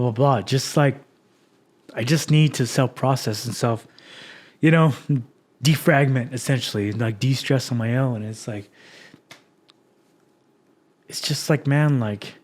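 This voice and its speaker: A young man talks through his own life on his podcast, candid and rambling, full of fillers and false starts. His voice sits at an ordinary middle pitch for a man. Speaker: podcast host. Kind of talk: reflective personal podcast monologue.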